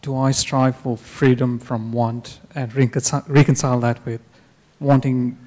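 A man's voice: mid-range voice, flat delivery, a little slow, darkish tone. A man in the audience asking a hesitant, thoughtful question as a parent. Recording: distant in a reverberant hall.

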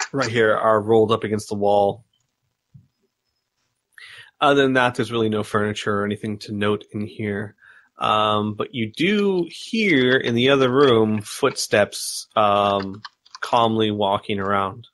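A man narrating as game master of a tabletop game, describing rooms with many pauses and fillers. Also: lowish voice. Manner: relaxed, describes scenes with many ums and uhs.

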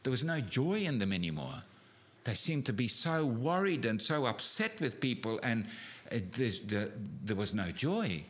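A middle-aged man preaching a sermon, animated, building to emphatic peaks with frequent restarts. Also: medium pitch, moderate pace.

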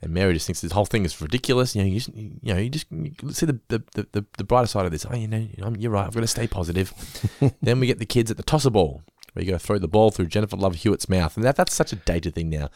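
A man's voice: on the low side, expressive, fast talker, vocal fry, hardly any pauses, a little mellow, dry recording, studio quality. A man hosting a podcast, casually recapping an episode with laughs and the odd swear. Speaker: podcast host.

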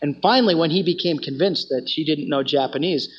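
Husky-voiced man telling a sermon story. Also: fairly high pitch, brisk. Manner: earnest storytelling, often restarting phrases. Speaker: campus ministry teacher. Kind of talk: teaching sermon with stories. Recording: dull lo-fi recording.

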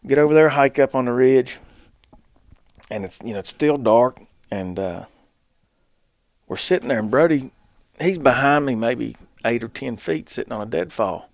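A man's voice: mid-range voice, animated, moderate pace, gravelly, pauses often, dry recording. A man, co-hosting a podcast, tells a hunting story in casual chat and laughs through his punchlines. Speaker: podcast co-host.

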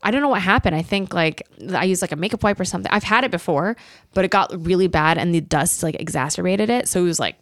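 A woman's voice: lowish voice, fast talker, no room sound, clean studio sound. A young woman comedian telling stories in casual podcast chat, full of fillers like "like" and "um". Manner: chatty, storytelling with many fillers. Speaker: comedian guest.

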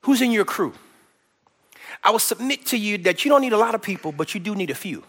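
A man preaching a lively sermon to his church, loud and energetic, repeating his points and joking with the congregation. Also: high voice, brisk, long reverb tail. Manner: folksy and playful, cracks jokes with the congregation. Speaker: pastor.

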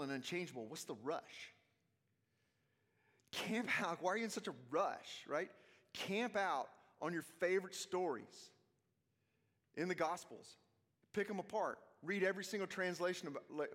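A man preaches with restless energy, his slightly high voice dropping to hushed asides and then jumping up in excited bursts as he acts out scenes. His voice rings out with a long hall reverb around it. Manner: animated, swings between hushed and loud, acts out quotes. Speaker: youth conference speaker. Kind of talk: energetic sermon.

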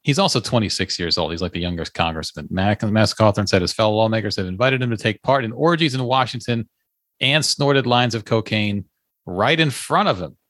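A man's voice: fairly low pitch, expressive, fairly quick, a bit bright, dry recording, clean studio sound. A man hosting a casual talk show, joking around and reading news stories aloud in a mocking tone. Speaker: podcast host. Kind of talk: casual chat.

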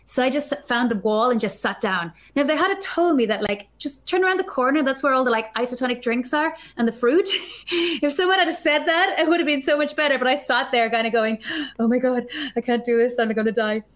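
A woman guest on a podcast, telling a story in an animated, chatty way, full of filler words. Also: high-pitched, a little fast. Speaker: podcast guest, developer advocate. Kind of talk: casual storytelling chat.

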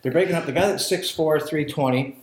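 A man's voice: a little high, brisk, slight background noise. Profane man telling a bar-fight story. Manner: profane, animated storytelling with acted-out quotes. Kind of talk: casual chat. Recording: roomy echo.

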